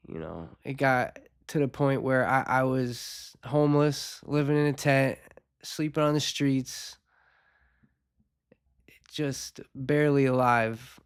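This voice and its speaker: A man of middle pitch speaks with a congested, nasal tone left over from a recent cold. He hosts his own show and talks in a candid, unhurried way, dropping soft rueful laughs between his thoughts. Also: smooth, no echo, clean studio sound. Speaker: podcast host. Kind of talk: reflective personal talk on addiction recovery.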